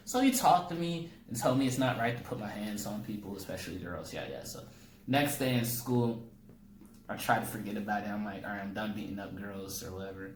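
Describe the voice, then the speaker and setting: A young comedian tells a funny story casually, acting out its characters with sudden leaps in his voice. He speaks on the low side, animated and fairly quick, in an echoey room with faint ambient noise.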